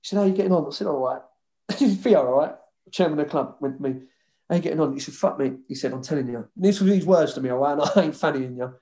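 Man, former footballer, casual interview, sweary, animated, quoting people. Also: a little high, fast. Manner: swearing, animated retelling with quoted dialogue.

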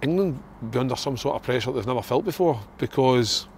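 A man's voice: medium pitch, lively intonation, brisk, a little mellow, a little hiss or hum. A man with a Scottish accent, a former footballer co-hosting a casual podcast chat, rousing and emphatic. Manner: rousing, emphatic pep talk.

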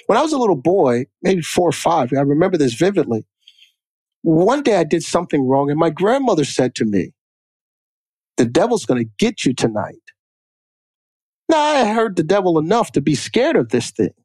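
A man's voice: high voice, very animated, moderate pace, darkish tone, no echo. A man co-hosting a podcast, telling personal stories emphatically and repeating lines for effect. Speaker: podcast co-host. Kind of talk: casual chat.

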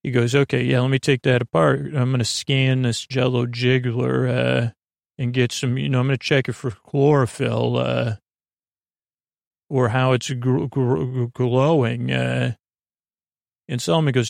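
A man hosting a podcast, giving a meandering bedtime retelling of a TV episode with many pauses and self-corrections. He lightly mimics the characters with small lifts in pitch. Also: flat delivery, creaky, no echo, studio quality. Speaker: podcast host.

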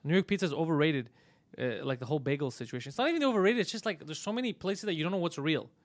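A man hosting a casual live-stream podcast, swearing freely and telling stories with animated energy. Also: on the high side, rapid-fire, dry recording. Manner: profane, animated storytelling. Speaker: podcast host.

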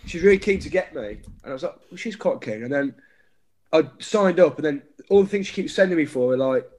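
A man's voice: a little high, expressive, quick pace, a little mellow. An English man, a guest comedian, telling easygoing stories in casual chat and laughing along as he goes. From England. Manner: easygoing storyteller, laughs mid-story.

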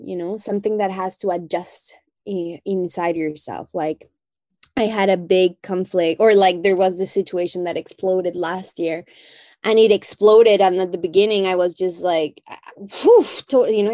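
A woman's voice: mid-range voice, dark tone, dry recording. A woman talking as a podcast guest, reflective and heartfelt, often adding "you know". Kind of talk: reflective conversation.

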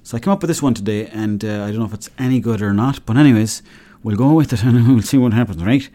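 A man's voice: on the low side, fast, warm tone. A man in his thirties with an Irish accent, hosting a solo podcast in a loose, joking, rambling way. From Ireland. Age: 30s. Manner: rambling, joking, acts out little dialogues. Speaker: podcast host. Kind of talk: casual solo podcast monologue.

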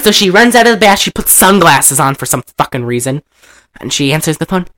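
Man recapping a movie, lively swooping voice, bright and punchy, profane, quick to laugh. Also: fairly high pitch. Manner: animated, profane, laughs often, acts out lines. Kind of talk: casual retelling of a film.

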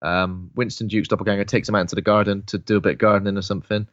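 A man talks through a film plot in a loose, chatty way, full of asides. His voice sits low and is close and dry. The sound itself is dull and lo-fi, like home podcast audio. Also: level tone, very fast, no room sound. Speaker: podcast co-host. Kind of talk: casual film review chat.

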